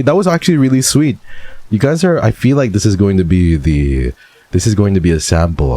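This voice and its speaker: A man's voice: low-pitched, dark tone, dry recording. A man streaming casually, reading viewer messages aloud in a playful, teasing way and laughing often.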